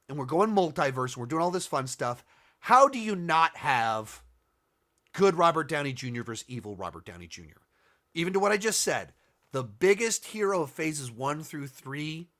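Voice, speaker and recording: A man with a slightly high, somewhat bright voice hosts a loose commentary video, fielding viewer questions. He thinks out loud, often restarts sentences, and sometimes turns sarcastic in this casual commentary.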